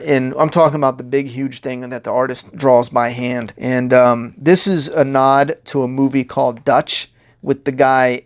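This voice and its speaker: A man talking casually as a comic writer, walking through his pages in a rambling way, often laughing and acting out characters' lines. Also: medium pitch. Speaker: comic writer giving commentary.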